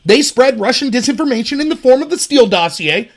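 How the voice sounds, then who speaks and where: A man hosting a political commentary show, talking in an animated and sarcastic way. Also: very high voice, quick pace. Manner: animated, sarcastic, mimics opponents mockingly. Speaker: host.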